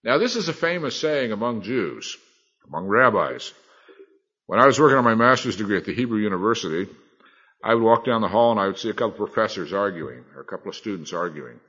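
A man's voice: mid-range voice, fairly bright tone, slightly rough, dull audio. A middle-aged man, a Bible teacher, preaching a sermon in a folksy, colloquial storytelling manner.

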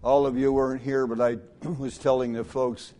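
A middle-aged male preacher delivering a sermon through folksy personal stories, swinging from hushed asides to loud, emphatic lines. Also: mid-range voice, level tone, moderate pace.

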